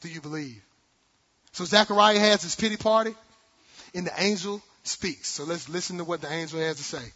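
A man preaching a sermon with animated delivery, acting out quotes and jokes. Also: sits high, brisk. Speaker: pastor. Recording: dull sound in a large reverberant hall.

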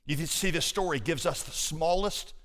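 A man preaching a sermon, dropping to hushed, intimate asides and then building to loud, emphatic rhetorical questions as he tells stories. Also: on the high side, normal speed, big-room sound. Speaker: pastor.

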